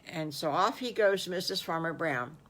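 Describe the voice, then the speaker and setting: A woman's voice: lowish voice, normal speed, fairly bright tone. An older woman improvising a children's story in a folksy, homespun way.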